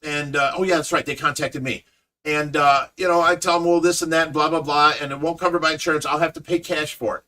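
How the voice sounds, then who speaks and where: Chatting loosely on a livestream, a middle-aged Ohio-accented man who owns and tends a fish rescue tells a drawn-out story, performing what others said. He talks fairly quickly at a fairly high, steady pitch, in a pushed, bright voice recorded from a distance.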